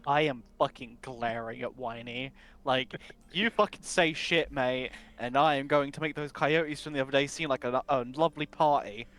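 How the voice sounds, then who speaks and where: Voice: medium pitch, normal speed, fairly bright tone, soft background music. A player in a casual tabletop game who talks bluntly and swears a lot. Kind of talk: casual tabletop role-play.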